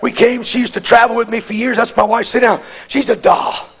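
A man preaching a Pentecostal sermon at a conference. He talks in a folksy, plain-spoken way and swings from hushed asides to shouted exhortation. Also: very high voice, level tone, a little fast, slightly rough, lo-fi sound.

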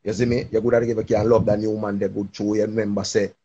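A man's voice: on the low side, level tone, fast talker, warm tone, husky, muffled recording. A man, hosting a casual advice chat and encouraging a listener in a preachy tone. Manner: preachy, encouraging, patois-heavy. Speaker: live stream host giving advice.

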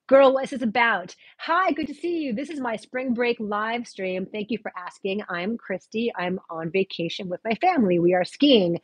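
A woman's voice: mid-range voice, husky, dry recording. A woman with a light Texan accent hosting a casual livestream, chatting and answering viewer questions from comments on her phone. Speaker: movie review host. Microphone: phone on a tripod.

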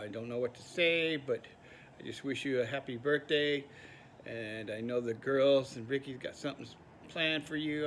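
A man recording a heartfelt, slightly halting birthday message in his garage. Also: mid-range voice, a bit bright, slight background noise.

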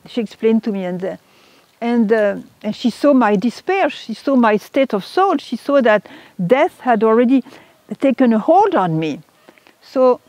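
A woman's voice: a little high, darkish tone, no echo. A woman, a religious sister, telling her personal testimony in an emotional, earnest way. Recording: dull lo-fi recording.

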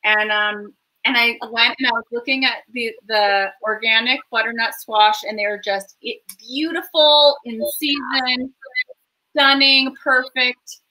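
A woman with a high, bright, ringing voice hosts a cooking show from her home kitchen. She rambles cheerfully and gushes over the ingredients as she cooks and talks. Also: fairly even intonation, unhurried, poor audio. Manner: chatty, rambling, enthusiastic about food. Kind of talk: casual cooking chat.

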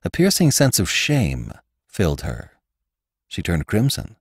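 A man with a very deep voice narrates a classic novel in a measured, expressive way. His intonation rises and falls with lively movement, and the recording is dry and close. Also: husky, no echo. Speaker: podcast host and narrator. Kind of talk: audiobook narration.

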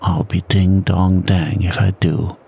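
A stubborn frontier sled driver grumbles in a dry backwoods drawl, put on by a storyteller. The voice is very deep and slow, with a gravelly edge. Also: male voice, level tone, warm tone, full character voice. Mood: grumbling. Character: grim stubborn male frontier dog-sledder.

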